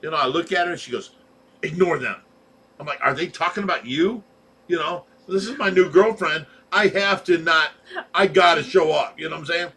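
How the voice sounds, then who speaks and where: A man's voice: on the high side, a little fast, bright, forceful tone. A man hosting a livestream, telling a story in casual chat and laughing often. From Ohio. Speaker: livestream host. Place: home fish room.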